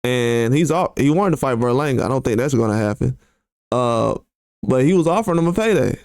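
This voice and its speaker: A man's voice: mid-range voice, lively intonation, brisk, darkish tone, no room sound, studio quality. A man hosting a boxing commentary channel who reacts to tweets in a blunt, casual way, full of slang and rhetorical questions, his voice often jumping up in disbelief.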